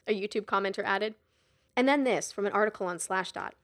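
A woman narrating an audiobook in a measured storytelling manner. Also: mid-range voice, fairly bright tone. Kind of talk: scripted narration.

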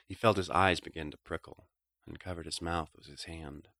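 A man reading a novel aloud in a quiet, reflective, measured way. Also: low-pitched, fairly even intonation, dry recording, clean studio sound. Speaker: audiobook narrator. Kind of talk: scripted narration of a novel.

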